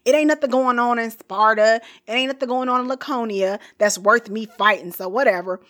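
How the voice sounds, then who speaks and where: A woman's voice: a little high, brisk, fairly bright tone, natural voice. A woman voicing a boastful ancient king who sends a threatening letter, with a swaggering, slangy manner. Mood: dismissive.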